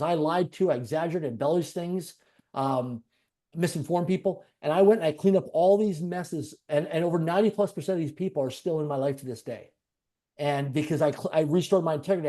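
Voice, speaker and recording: A man's voice: a little high, warm tone. A man being interviewed, earnestly telling a personal story in conversation with repetitive, piled-up phrasing. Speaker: interview guest.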